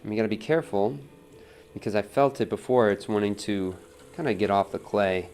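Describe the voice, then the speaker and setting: A man giving a relaxed live pottery demonstration at the wheel, talking through each step on a wireless mic in his studio. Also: fairly low pitch, fairly quick, soft background music. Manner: relaxed, talks while working at the wheel, reads chat aloud. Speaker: pottery teacher streaming a demo. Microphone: wireless transmitter mic.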